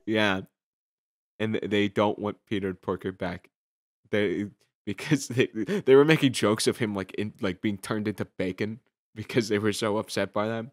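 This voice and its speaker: A man's voice: on the low side, normal speed, dry recording, clean studio sound. A young man hosting a casual podcast, telling rambling stories full of fillers and restarts. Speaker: podcast host.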